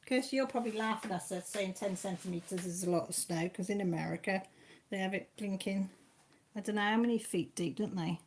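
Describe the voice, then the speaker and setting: A woman's voice: mid-range voice, brisk, a little hiss or hum. Chatty Welsh woman reading out live chat. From Wales. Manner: chatty and homely, with mild swearing and British slang. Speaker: live stream host. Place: at home.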